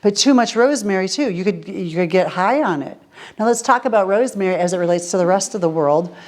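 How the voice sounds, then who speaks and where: A woman's voice: medium pitch, lively intonation, fast talker. A woman teaching a casual question-and-answer class, explaining with everyday examples and asking her listeners rhetorical questions. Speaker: essential oils teacher. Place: group class with students.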